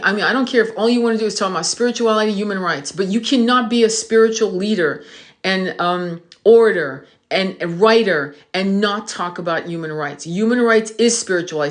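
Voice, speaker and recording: A woman hosting a livestream, speaking in an impassioned, preachy monologue, outraged and swearing, often repeating herself. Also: medium pitch. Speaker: tarot reader hosting a livestream.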